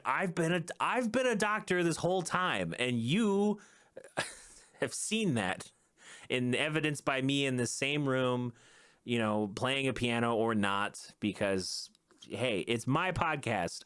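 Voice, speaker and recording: A man's voice: mid-range voice, fairly bright tone. A man hosting his own podcast in a casual solo chat, rambling and joking at himself, often laughing. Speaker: podcast host. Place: small home room with a keyboard. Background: faint music playing.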